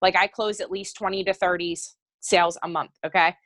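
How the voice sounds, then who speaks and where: A woman's voice: fairly low pitch, steady tone, brisk, fairly bright tone, no room sound. A woman in her thirties giving a casual, emotional testimony to a group call as a sales coach, with many fillers and strong emphasis. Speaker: network marketing coach.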